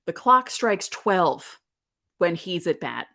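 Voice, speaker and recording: A woman in her thirties hosts a solo podcast in a casual, rambling way. Her voice sits a little low, and she tells her story with plenty of chatty asides. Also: sing-song, slow, a bit bright. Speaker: podcast host.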